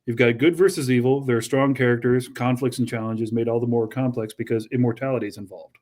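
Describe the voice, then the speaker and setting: Man, mid-pitched voice, podcast co-host, steady article reading, casual asides. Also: fast. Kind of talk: reading a magazine article aloud and chatting.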